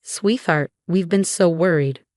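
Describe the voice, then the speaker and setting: Middle-aged father, syrupy and scheming as read by a woman narrator; low, dry. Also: a little slow, a little mellow, no room sound, lightly acted.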